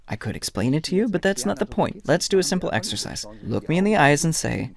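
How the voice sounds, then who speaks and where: A man's voice: on the high side, very animated, fast talker, vocal fry, hardly any pauses. German-accented man lecturing on the psyche. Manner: storytelling, acts out dialogues. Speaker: therapist and lecturer. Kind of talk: lecture to an audience.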